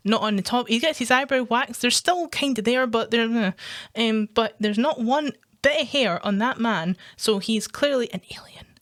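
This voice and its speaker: A woman with a Scottish accent ranting in a casual, animated vlog. She swears freely and breaks into laughter often. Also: fairly high pitch, normal speed. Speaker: gaming vlogger.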